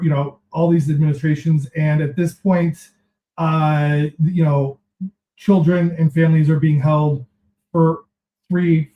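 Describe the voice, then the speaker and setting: A man on a podcast, setting up a news story in a measured, explanatory way with frequent fillers. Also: fairly high pitch. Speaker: podcast contributor. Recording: roomy, dull-sounding mic.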